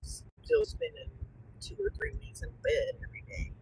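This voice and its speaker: A woman's voice: extremely high pitch, steady tone, moderate pace, darkish tone, rough recording. A woman chatting casually from the passenger seat of a car, rambling through stories about her town and home. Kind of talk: casual chat. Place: car on a drive. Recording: faint road noise.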